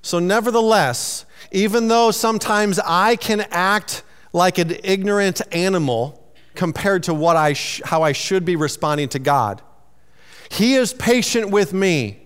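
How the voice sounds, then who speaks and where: A man's voice: sits high, a little slow, a bit bright, clear, resonant tone, long reverb tail. A man preaching a sermon in a loose, conversational way, teasing himself and restarting his sentences. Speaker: pastor.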